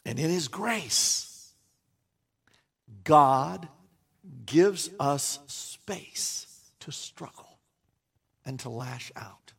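A man's voice: fairly high pitch, expressive, very slow, pauses often, fairly bright tone, breathy edge. A man preaching a sermon as a pastor, earnest and emphatic, with wry self-deprecating asides.

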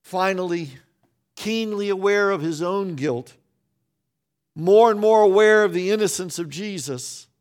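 A man pastor delivering a sermon, earnest and emphatic, with deliberate pauses and repeated phrases. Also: sits high. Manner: restarts and repeated words when speaking quickly.

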